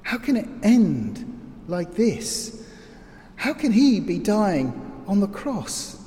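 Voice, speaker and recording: A man's voice: high voice, big pitch swings, slow pace, warm tone, voice pushed up, heavily acted. A man voicing a grieving male disciple at the crucifixion, speaking as an anguished, questioning inner monologue. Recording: long hall reverb, faint ambient noise.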